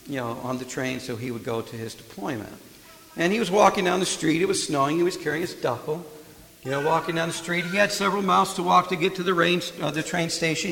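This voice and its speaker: A man preaching a sermon, swelling loud and fervent, then dropping quiet. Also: a little high, vocal fry. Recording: echoey hall.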